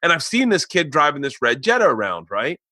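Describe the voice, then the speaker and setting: A man in his forties hosting a podcast, telling an animated story in casual chat with plenty of swearing. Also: fairly high pitch, brisk, no echo, clean studio sound. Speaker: podcast host.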